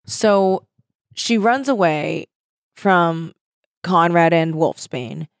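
A woman co-hosting a casual chat recapping a book, animated and giggly, often acting out characters' lines. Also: fairly low pitch, drawn-out words, creaky, no room sound, studio quality.

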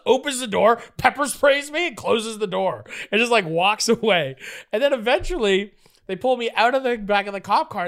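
A man telling a story as a guest in casual conversation, animated and profane, with lots of "like" fillers. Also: very high voice.

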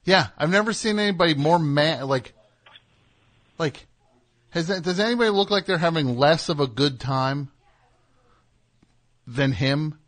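A man's voice: on the high side, animated, measured pace, pauses often, a bit bright. A man hosting a call-in comedy show, rambling and teasing with stammered restarts. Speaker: radio show host. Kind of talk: casual comedic chat.

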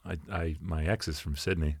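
A man guesting on a comedy podcast, cracking quick, wry, profane jokes in casual chat. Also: a bass voice, flat delivery, breathy edge, dry recording, clean studio sound.

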